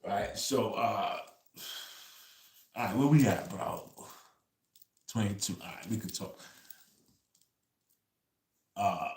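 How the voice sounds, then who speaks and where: A man's voice: on the low side, takes it slowly, long pauses, roomy sound. A man hosting a casual livestream, telling stories loosely and tagging "bro" onto nearly every phrase. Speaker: livestream host.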